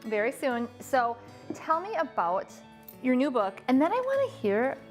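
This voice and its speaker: Peppy mom-type host, kinda high voice, upbeat, light music in the back. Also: female voice, big pitch swings, normal speed. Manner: bubbly and enthusiastic. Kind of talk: upbeat show hosting and interviewing.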